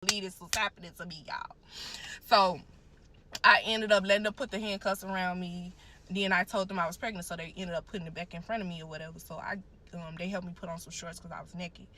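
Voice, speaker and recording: A woman's voice: on the low side, fairly even intonation, quick pace, pushed and bright, slight background noise. A young woman animatedly telling a personal story in casual, profane speech, often calling out to listeners as y'all. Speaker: guest telling her story. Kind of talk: emotional storytelling.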